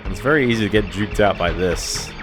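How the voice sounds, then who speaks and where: A man with a somewhat low voice gives relaxed commentary on a video game stream. He rambles and hedges, trailing off into chuckles. Game music plays clearly underneath him. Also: fairly quick. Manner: rambling, hedging, chuckles to himself.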